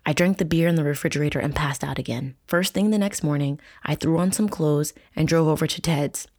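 A woman hosting a true crime podcast, reading book passages aloud with profane asides and dramatic shouting. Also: low-pitched, brisk. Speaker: podcast host.

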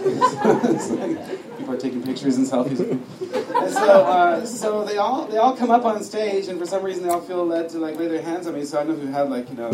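A man teaching a sermon, telling a story with humor and acting out what people said. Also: fairly high pitch. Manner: storytelling with humor, acts out dialogue. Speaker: preacher. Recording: echoey room, distant mic, noisy.

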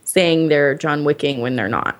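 A woman's voice: low-pitched, moderate pace. A woman taking part in a casual podcast, making sardonic quips.

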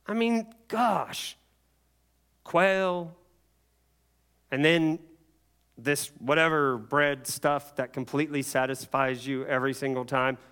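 A man preaching a sermon, telling the story with animated voices for the people in it. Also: fairly high pitch, slow pace, long pauses, clean tone.

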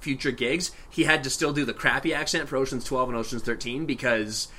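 A man's voice: medium pitch, steady tone, brisk, sharp tone. A man co-hosting a podcast, chatting casually and rambling about movies, often laughing. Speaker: podcast co-host.

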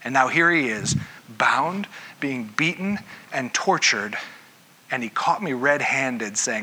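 A man's voice: mid-range voice, expressive, slow, sharp tone, husky. A man preaching a sermon in a conversational way, often stopping to ask his listeners questions. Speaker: pastor. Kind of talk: interactive sermon.

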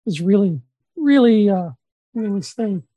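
A man from Saskatchewan co-hosting a comedy podcast, deadpan and halting with many restarts. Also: high-pitched, dry recording, highs cut off. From Saskatchewan, Canada. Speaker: podcast co-host.

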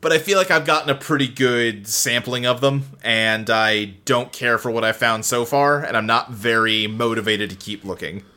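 A man's voice: mid-range voice, moderate pace, few pauses, pushed and bright. A man hosting a casual podcast chat, talking animatedly with many fillers and restarts. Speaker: podcast host.

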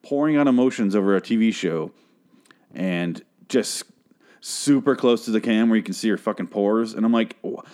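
A man's voice: fairly low pitch, normal speed, a little mellow. A young man giving a casual, profane, exasperated recap of a TV show.

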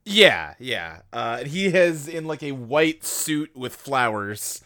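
A man's voice: mid-range voice, big pitch swings, slow, pushed and bright. A man co-hosting a casual podcast, chatty and joking as he recaps, with lots of fillers. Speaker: podcast co-host.

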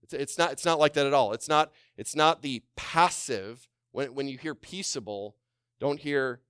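A man preaching a sermon as a pastor, calling on the congregation to respond and dropping to a hushed voice when quoting gentle words. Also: medium pitch, moderate pace, smooth, dry recording, studio quality.

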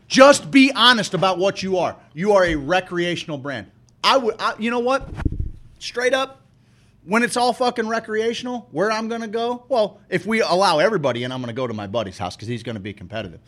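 A man's voice: high voice, animated, fairly quick, a bit bright. A man co-hosting a podcast, talking in a heated, emphatic rant full of swearing. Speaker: podcast co-host. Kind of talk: casual profane rant.

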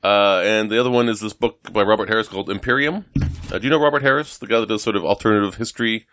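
A man's voice: lowish voice, fast talker, fairly bright tone, slight background noise. A man from the United States co-hosting a casual chat, rambling and self-deprecating with many fillers and restarts. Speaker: podcast co-host.

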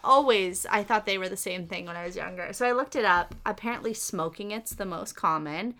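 A woman's voice: mid-range voice, brisk, a bit bright. A woman from California co-hosting a podcast, chatting casually about a movie with a self-deprecating, easily amused manner. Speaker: podcast co-host.

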